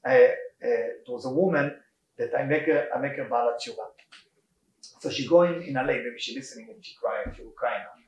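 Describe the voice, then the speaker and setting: A man teaching an informal Torah class, telling stories in lively, broken English sprinkled with Hebrew terms. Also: medium pitch, fairly quick. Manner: animated storytelling, non-native English with Hebrew terms. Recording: echoey room.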